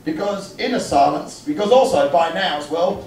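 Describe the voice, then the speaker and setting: A man's voice: fairly high pitch, expressive, normal speed, a little mellow, echoey room, recorded from a distance, slight background noise. A man telling a stand-up story, swearing, mocking himself and laughing along. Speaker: stand-up comedian.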